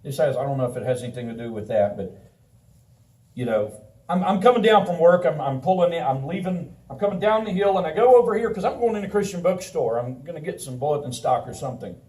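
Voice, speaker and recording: A man preaching a sermon in a conversational, animated way, telling a personal story and laughing often. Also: a little high, quick pace. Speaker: pastor. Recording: roomy sound from a distant mic.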